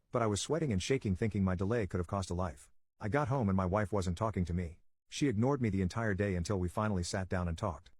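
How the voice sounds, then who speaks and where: A man narrating a reddit story in a quick, steady storytelling delivery. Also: lowish voice, slightly rough, no echo.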